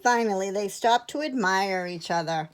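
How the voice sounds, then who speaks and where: A woman teacher reading a picture book aloud to children in a gentle, expressive way. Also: mid-range voice, moderate pace, slight background noise.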